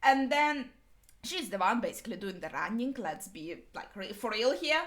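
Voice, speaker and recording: A woman's voice: a little high, animated, moderate pace, fairly bright tone. A woman, not a native English speaker, hosting an anime reaction video, chatting casually and thinking aloud with lots of fillers.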